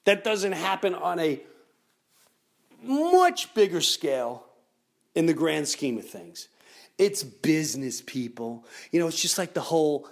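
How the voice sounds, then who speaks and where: A middle-aged man hosts a podcast, delivering an animated comedic rant and mimicking other people in raised voices. His voice is a little high and very animated, though his pace stays unhurried.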